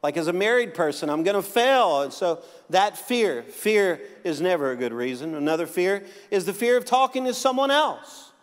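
A man's voice: high-pitched, lively intonation, moderate pace, few pauses, long reverb tail. A male pastor preaching a sermon in a joking, conversational way, with frequent restarts.

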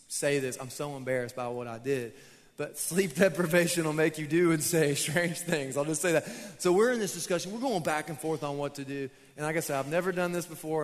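Casual preacher man in an echoey hall. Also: a little high. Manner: casual, storytelling preacher who laughs at himself. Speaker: pastor. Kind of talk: sermon. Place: church auditorium.

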